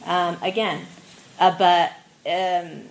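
Name: Animated woman storyteller. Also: lowish voice, takes it slowly, a little hiss or hum, rough recording. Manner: animated storyteller, acts out quoted voices. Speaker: discussion panelist. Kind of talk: casual faith discussion.

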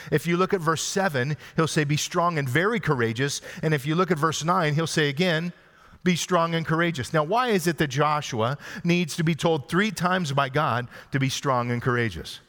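A man's voice: a little high, fairly bright tone. Male pastor preaching in a reverberant hall. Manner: conversational, asks the congregation questions. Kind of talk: expository sermon.

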